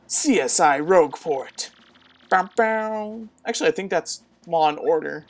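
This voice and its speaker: A woman's voice: fairly low pitch, expressive, unhurried, faint music behind. A woman casually commenting on a game walkthrough in a chatty, wry, self-mocking way. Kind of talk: casual let's-play commentary.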